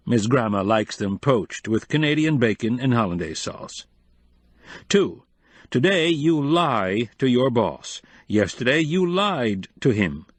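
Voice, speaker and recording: A man voicing a prim, grandmotherly female advice columnist with a sugary, slow, schoolmarmish way of speaking. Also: mid-range voice, no echo.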